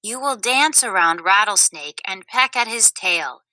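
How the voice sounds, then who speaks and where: A woman voicing a calm, wise desert spirit woman in a storybook reading, close to her own voice. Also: medium pitch, measured pace, dry recording, poor audio.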